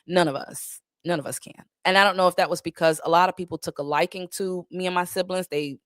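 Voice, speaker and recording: Woman in her 30s, low-pitched, blunt and candid livestream host, dry close sound. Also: steady tone, quick pace, a bit bright, dry recording. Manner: blunt, candid, profane, laughs often. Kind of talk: casual livestream Q&A.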